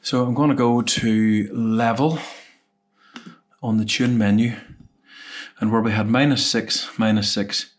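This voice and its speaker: An AV installer narrates a casual work vlog, methodically explaining each step as he tunes a sound system. His voice is on the low side, steady and a little slow, and the recording has a long hall reverb plus a bit of hiss or hum.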